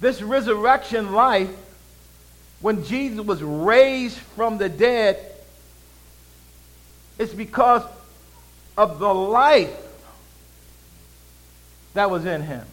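A man preaching a sermon, calling out to the congregation, swinging between loud proclaiming and low, conversational asides. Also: lively intonation, very slow, long pauses, low-quality recording. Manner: preaching with call-and-response and frequent hallelujahs. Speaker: pastor.

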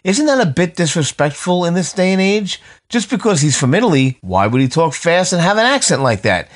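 A man's voice: sits high, sing-song, a little fast. A middle-aged man co-hosting a casual podcast, reading out listener messages in a dry, teasing way and laughing often.

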